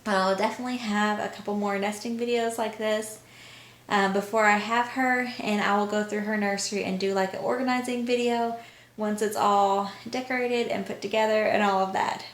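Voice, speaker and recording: Young woman, casual vlog chat, rambling with little laughs, average pitch, echoey home room. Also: fairly even intonation, normal speed. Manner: chatty, rambling, with small laughs. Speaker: mom vlogger. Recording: roomy echo in a home room.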